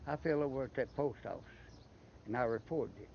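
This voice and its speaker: Medium-pitched, fairly quick and creaky, an older Appalachian-accented interviewee from Eastern Kentucky spins long, rambling casual stories. He often restarts his words, and the audio is slightly muffled with faint background noise.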